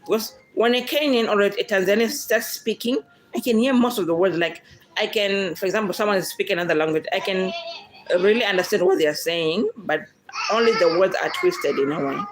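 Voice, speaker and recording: A woman with a Zimbabwean accent, a native Shona speaker, chats directly with viewers in a casual question-and-answer vlog, laughing often. Her mid-range voice moves at normal speed, with background noise present.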